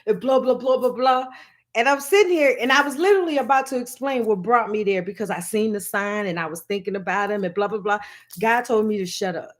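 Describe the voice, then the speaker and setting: A woman telling a funny family story in a casual, animated vlog, swearing freely and slipping into the voices of the people she quotes. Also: mid-range voice, fairly quick.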